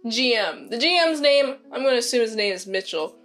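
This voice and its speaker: A woman's voice: fairly high pitch, lively intonation, a little fast, a bit bright, faint music behind. A woman casually recapping a movie as a reviewer, rambling, cutting herself off and giggling. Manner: rambling, self-interrupting, giggly.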